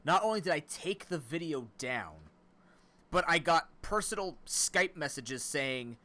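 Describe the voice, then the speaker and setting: A man streaming a video game, talking in a rambling, animated, self-mocking way. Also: a little high, a little slow. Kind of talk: casual let's-play commentary.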